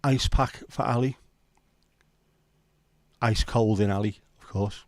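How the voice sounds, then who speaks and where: A man's voice: fairly low pitch, fairly even intonation, slow pace, dry recording, clean studio sound. A man with a Liverpool accent hosting a casual livestream chat, rambling and sweary as he banters with viewers. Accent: Scouse. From Liverpool, England. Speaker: livestream host.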